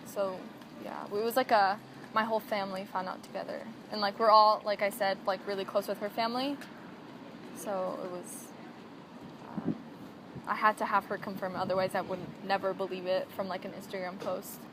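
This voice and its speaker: A woman's voice: mid-range voice, little pitch movement, normal speed. A woman in a documentary interview, hesitantly recounting how she found out her friend had died. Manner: hesitant, subdued recollection. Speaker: friend of the deceased. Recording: noisy interview recording.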